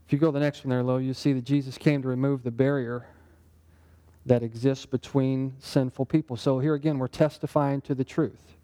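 Man, Bible teacher, conversational sermon, warm mellow tone, asks the group questions. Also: mid-range voice, fairly even intonation, fairly quick. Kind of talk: interactive sermon.

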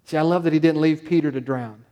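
A man's voice: on the high side, quick pace, warm tone, muffled recording. A male pastor preaching a sermon, stressing points through repetition and rhetorical questions.

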